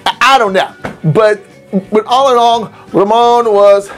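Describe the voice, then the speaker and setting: A man's voice: high voice, a little slow, a bit bright, faint music behind. A man hosting a cocktail recipe video, talking casually and playfully with rambling asides. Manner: chatty and playful, rambling asides, silly mock voices. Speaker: cocktail channel host. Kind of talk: casual recipe talk to camera.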